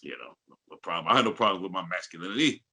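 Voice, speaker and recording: Deep-voiced man with a sharp, bright edge. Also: very fast, low-quality recording. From St. Louis, Missouri. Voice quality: deep bass singing voice. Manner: animated storyteller who breaks into impressions and laughs. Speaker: guest voice actor. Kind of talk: casual interview storytelling.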